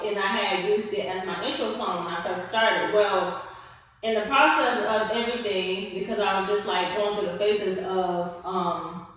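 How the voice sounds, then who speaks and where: A woman's voice: mid-range voice, a bit bright, distant mic. A young woman chats to her viewers with sassy flair while she stretches, sprinkling in honey and hunty. She sounds tired and short on sleep. The mic sits well away from her in a very echoey room. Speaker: vlogger. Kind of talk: casual chat while stretching.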